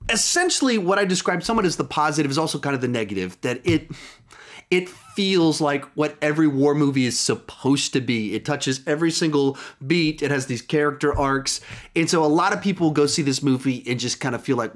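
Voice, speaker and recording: A man giving a casual, chatty film review, talking loosely with frequent restarts and asides. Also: on the high side. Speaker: movie reviewer.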